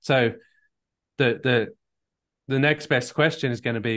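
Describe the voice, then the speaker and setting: Heard over a call recording, the coach speaks a little slowly in a mid-range, fairly bright voice, pausing often. He earnestly counsels a caller on relationships, repeating words as he thinks and role-playing sample exchanges.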